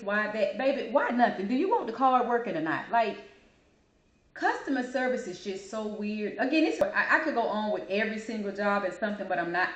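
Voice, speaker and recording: Sassy woman ranting in an echoey room. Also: medium pitch. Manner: sassy, animated, calls listener "baby". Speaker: host. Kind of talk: casual opinion monologue.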